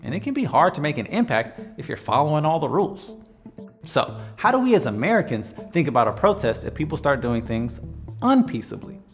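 A man's voice: fairly high pitch, sing-song, a little fast. A man hosting an educational explainer video in a playful, conversational way. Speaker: host. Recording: faint music behind.

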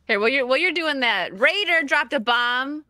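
A woman with a US East Coast accent hosting a casual group chat, quick and laughing as she thanks donors. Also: high voice, lively intonation, sharp tone, a little hiss or hum. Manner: quick, laughing, reads out donations. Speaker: podcast host.

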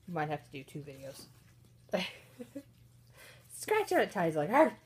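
A woman narrating her pets at home while filming on a handheld phone, chatty and giggly, slipping into squeaky voices for the animals. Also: wildly swooping pitch, unhurried, breathy edge. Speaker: pet vlogger. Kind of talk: casual off-camera narration of pets. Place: indoors at home. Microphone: handheld phone camera.

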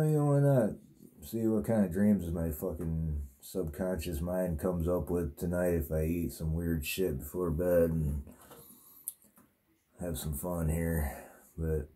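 A man's voice: low voice, unhurried, mellow. A man telling a rambling, profane story in a casual monologue, with lots of fillers. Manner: crude, profane, meandering with many fillers. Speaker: vlogger telling a dream.

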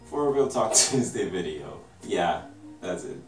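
Deep-voiced twenties vlogger with an American-sounding accent, laid-back rambling delivery, recorded a little off-mic with faint music behind. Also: male voice, a little slow, distant mic. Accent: American-sounding English. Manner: relaxed, rambling, full of "like". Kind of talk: casual storytelling to camera. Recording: roomy and a bit off-mic.

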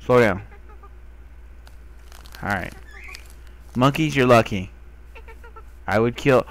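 A young man giving casual commentary while playing a video game, who talks to the animals he finds and gets excited, sometimes swearing. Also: medium pitch, takes it slowly, long pauses. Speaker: gamer. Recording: faint background noise.

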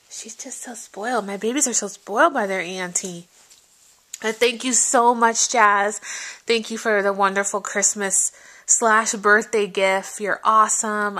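A woman vlogger chatting casually through an unboxing, gushing, her voice jumping high when something delights her. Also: bright, forceful tone. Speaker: vlogger showing a gift package.

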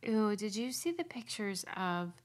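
A woman's voice: mid-range voice, measured pace. A woman co-hosting a podcast in casual chat, laughing easily as she talks. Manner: laughs often, relaxed and chatty. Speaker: podcast co-host. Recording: clear background noise.

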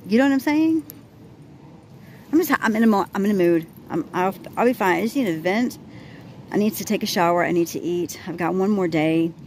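A woman's voice: medium pitch, fairly quick, a little mellow. A woman in her forties vents in a casual vlog, rambling and exasperated, with frequent restarts. She talks into a handheld phone while walking her dog outdoors, and faint passing traffic sits behind her voice. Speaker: vlogger.

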